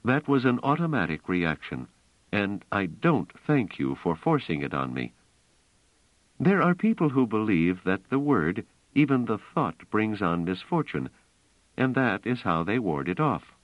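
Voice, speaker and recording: A man voicing a proud, touchy superstitious woman, speaking slowly and emphatically. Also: lowish voice, sing-song, no room sound, voice pushed up. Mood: solemn. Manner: tense, emphatic, slow deliberate delivery. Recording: slightly dull, dry audiobook recording.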